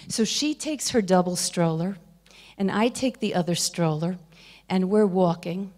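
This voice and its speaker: A middle-aged woman with a mid-range, slightly mellow voice gives a Torah lecture through storytelling. She acts out the quoted dialogue and drops to a whisper for emphasis.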